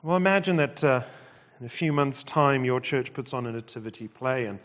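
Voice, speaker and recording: A man preaching a sermon, emphatic and measured, repeating phrases and pausing between them. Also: medium pitch, expressive, a bit bright. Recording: dull sound with long hall reverb.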